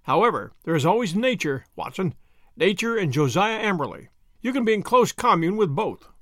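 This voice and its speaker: A man's voice: sits high, very animated, moderate pace, a bit bright, dry recording, studio quality. A man reading a stern, decisive detective. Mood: dryly amused. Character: stern, commanding male detective.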